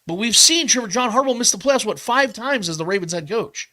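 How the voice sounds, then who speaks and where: A man with a high, bright voice co-hosts a sports podcast. He races through his picks in a casual, animated debate and keeps restating his points as he goes. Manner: animated, talks fast and repeats himself to make points. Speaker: podcast host.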